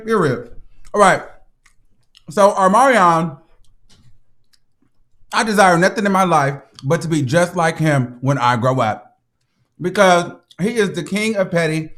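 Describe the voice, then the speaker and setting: A man hosting a casual gossip commentary show, telling stories in an animated, profane, dramatic way. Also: sits high. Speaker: host.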